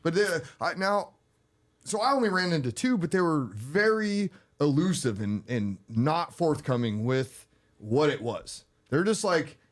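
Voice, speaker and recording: Man telling an animated story. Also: fairly high pitch, measured pace. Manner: animated storytelling, acting out quoted exchanges. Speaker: co-host. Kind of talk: casual political talk.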